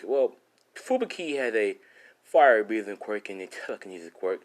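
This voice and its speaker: Brief: man, lowish voice, casual improvised storytelling full of fillers. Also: big pitch swings, normal speed, rough recording. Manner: rambling, full of fillers and 'and he's like'.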